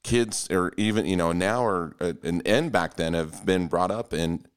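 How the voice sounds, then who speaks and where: A man's voice: sits low, normal speed, clean tone. A man hosting a podcast interview, thinking aloud as he reflects on his guest's story. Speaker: podcast host. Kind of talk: conversational interview.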